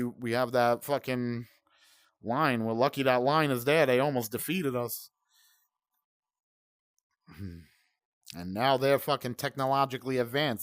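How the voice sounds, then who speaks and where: A man's voice: medium pitch, smooth, dry recording, clean studio sound. A middle-aged man from Brooklyn, New York, hosting a gaming channel and ranting heatedly in profane, rambling commentary over gameplay.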